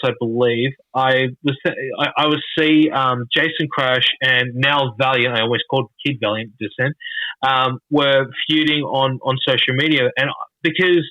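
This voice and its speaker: An Australian man, a podcast guest, telling stories in a rambling, halting way with lots of restarts and swearing. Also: medium pitch, sharp tone, dry recording. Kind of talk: casual storytelling. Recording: dull lo-fi dry sound.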